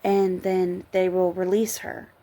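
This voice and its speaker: A woman's voice: on the low side, flat delivery, slow pace, warm tone. A tired woman chatting casually late at night, rambling and giggling as she reviews a book. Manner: rambling, giggly, trails off and restarts. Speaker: book vlogger.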